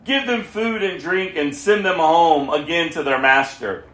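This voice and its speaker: A man voicing a bold, calm male prophet in a scripture reading, raising his pitch a little for the quotes, in a roomy echo. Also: a little slow. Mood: firm.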